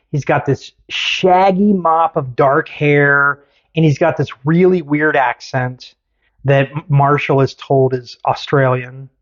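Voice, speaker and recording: A man's voice: medium pitch, highs cut off. A man hosting a podcast, telling a story in a casual, teasing way. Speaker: podcast host.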